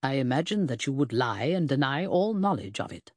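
A woman's voice: rumbling low, very animated, a little fast, no echo, clean studio sound, full character voice. A woman voicing a pompous, clipped male detective. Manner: lofty, formal and clipped. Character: pompous middle-aged male detective, pedantic and brusque. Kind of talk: audiobook character reading.

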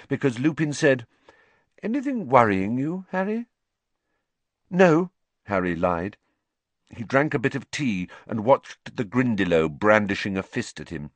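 Lively low-voiced male audiobook narrator. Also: dry recording. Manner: lively character reading.

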